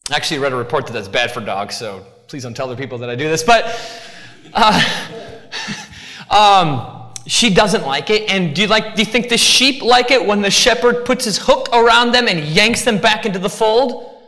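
An animated male pastor preaching in a bright, ringing voice that swings widely in pitch. He talks conversationally, with asides to the congregation. The sound carries a long reverb from a big hall. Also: normal speed. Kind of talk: sermon.

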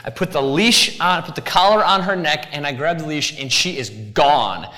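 A man preaching a sermon as pastor, talking in an animated, conversational way with asides. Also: on the high side, moderate pace, long reverb tail.

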